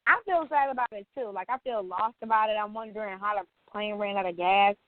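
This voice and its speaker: A woman's voice: medium pitch, brisk, no room sound. A woman co-hosting a casual podcast, talking in a slangy, teasing way. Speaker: podcast co-host. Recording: tinny phone-line sound, dry.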